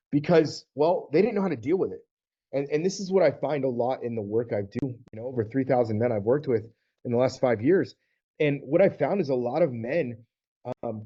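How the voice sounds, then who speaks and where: A man's voice: medium pitch, dark tone, slightly rough. A man from the Southern United States, a men's divorce coach, talking earnestly and conversationally to camera and acting out little quoted exchanges. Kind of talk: direct-to-camera coaching talk. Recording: slightly dull lo-fi audio.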